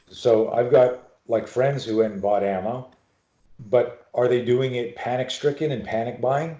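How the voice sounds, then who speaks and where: A man's voice: mid-range voice, dark tone, reverberant, rough recording. A middle-aged man, a self-defense expert, talking intensely and emphatically in a podcast interview, swearing often. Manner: intense, profane, emphatic storytelling.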